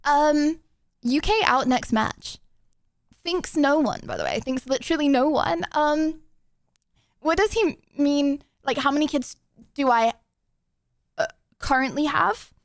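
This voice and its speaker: A woman's voice: high voice, expressive, unhurried, gravelly, no echo. A young woman streaming, chatting casually with her audience, giggling and rambling with lots of ums. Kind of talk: casual live-stream chat.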